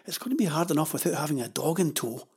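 Cheeky storybook farm boy, teasing and offhand, husky and brisk, as the narrator plays him. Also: mid-range voice, expressive, darkish tone. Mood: urgent. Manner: quick, joking, offhand. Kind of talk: storybook reading.

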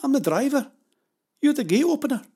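A storyteller voicing a stubborn young girl who snaps back sharply, in a husky voice. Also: mid-range voice, expressive, normal speed, voice pushed up. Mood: defiant. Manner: sharp, snappish retorts. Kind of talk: storybook reading.

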